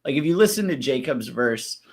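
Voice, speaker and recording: A man's voice: mid-range voice, lively intonation, brisk. A man giving blunt, swearing feedback on a rap verse in casual review chat. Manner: blunt, swears, laughs while critiquing. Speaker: music critique panelist.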